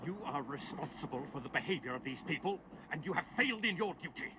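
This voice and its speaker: A man's voice: a little high, lively intonation, quick pace, lightly acted. An actor playing a stern male army major who barks orders in a TV movie. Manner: barking orders. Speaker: army major escorting the train. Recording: noisy film soundtrack.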